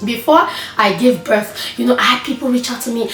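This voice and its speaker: A chatty woman talking candidly as a new mother, often acting out her own frantic inner thoughts. Her voice sits a little high, and the room around her rings with echo. Soft music plays faintly underneath. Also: fairly quick, far from the mic. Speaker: vlogger, first-time mother. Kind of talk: candid personal vlog talk.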